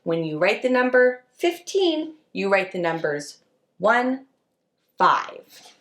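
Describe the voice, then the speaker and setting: A woman leading a preschool circle time lesson, talking to young children in a slow, sing-song, encouraging way. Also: medium pitch, very animated, roomy sound. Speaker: preschool teacher.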